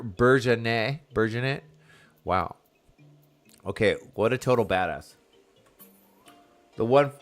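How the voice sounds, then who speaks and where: A man streaming a video game, chatting excitedly and answering his chat. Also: medium pitch. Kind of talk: casual live gameplay chat.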